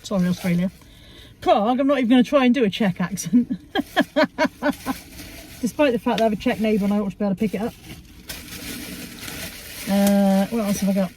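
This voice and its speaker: Speaking at medium pitch with a mellow, fairly quick delivery and frequent pauses, this middle-aged vlogger chats from her car about charity shop finds. She pokes fun at herself as she rambles through the haul, with slight background noise behind her.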